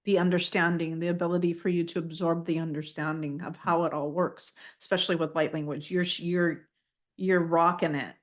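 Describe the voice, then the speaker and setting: A woman giving a live channeled spiritual reading, gentle and affirming, often repeating phrases as she passes messages on. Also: on the low side, little pitch movement, fairly quick.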